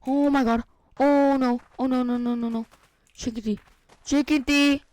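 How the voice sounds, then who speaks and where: A man playing a video game and commenting on it, excitable and frantic, often shouting out in bursts and talking to himself in casual slang. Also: very high voice, normal speed, no room sound. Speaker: gaming video creator.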